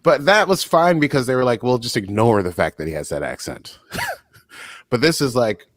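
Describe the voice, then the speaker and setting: A man's voice: mid-range voice, lively intonation, dry recording. A man co-hosting a podcast, casually recapping a TV episode with laughing asides. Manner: chatty, laughing, quick asides. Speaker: podcast co-host.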